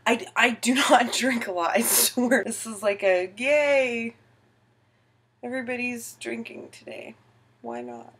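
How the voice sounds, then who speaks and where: A woman's voice: a little high, lively intonation, normal speed, a bit bright, husky. Tipsy, giggly young woman baking at home. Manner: giggly, rambling and self-mocking. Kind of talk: tipsy casual baking tutorial. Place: home kitchen.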